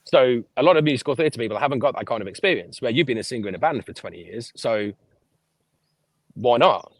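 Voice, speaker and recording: A man, a podcast guest telling lively stories about his life and swearing freely. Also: medium pitch, brisk, dry recording. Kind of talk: casual storytelling interview.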